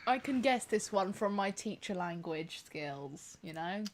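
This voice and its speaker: A woman's voice: mid-range voice, lively intonation, a little slow, crowd noise. A woman on a casual quiz panel, speaking in an enthusiastic, playful way. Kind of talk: casual livestream chat.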